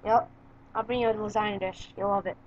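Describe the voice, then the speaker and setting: A woman's voice: mid-range voice, steady tone, quick pace. A woman interviewing a racer, chatting eagerly and casually. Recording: slightly dull sound.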